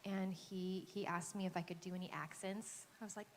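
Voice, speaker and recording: A woman's voice: on the low side, fairly even intonation, normal speed. Hesitant woman in an echoey hall. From Texas, USA. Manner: hesitant, lots of fillers and restarts, laughs often. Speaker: actress on a convention panel. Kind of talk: casual anecdote. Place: large convention hall panel. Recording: echoey convention hall, faint noise.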